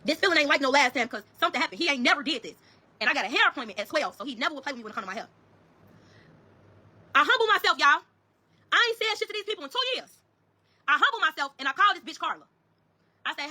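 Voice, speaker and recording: A woman telling her own story to viewers in a rapid, heated, profane way. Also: high voice, animated, pushed and bright. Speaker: storyteller in a social media clip.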